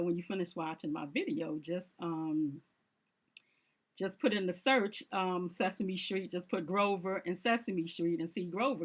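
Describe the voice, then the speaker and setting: Low-voiced woman talking emphatically to camera. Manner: emphatic and repetitive, talking straight at the viewer; informal, with fillers and short laughs. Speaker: vlogger. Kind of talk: casual monologue to camera.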